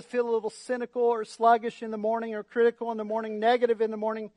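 A male pastor preaches with a bright, high voice, joking and calling for amens from the congregation. The sound is dry and close, with little room echo. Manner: lively, joking, asks the crowd for responses. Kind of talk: sermon. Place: church.

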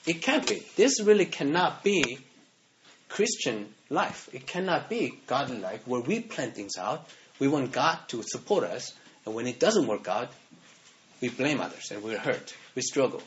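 A man's voice: mid-range voice, big pitch swings, unhurried, a little hiss or hum. A man preaching a sermon as pastor, talking conversationally and often checking in with "right?". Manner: conversational, keeps asking "right?". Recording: dull lo-fi sound.

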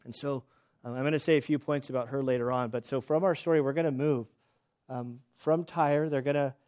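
Animated casual male preacher, dull recording. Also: mid-range voice, brisk. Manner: casual, animated, self-deprecating jokes, many restarts. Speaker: pastor. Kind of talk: sermon. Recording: slightly dull lo-fi sound.

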